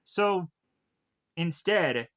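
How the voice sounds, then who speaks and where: Bright-voiced man rambling through a plot recap. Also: high-pitched, lively intonation. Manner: rambling, filler-heavy retelling with quick acted quotes. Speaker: film reviewer.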